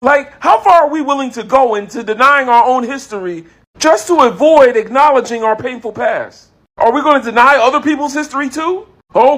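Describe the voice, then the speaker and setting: A man's voice: very high-pitched, fairly bright tone. A man delivering a scripted commentary monologue, emphatic and full of rhetorical questions.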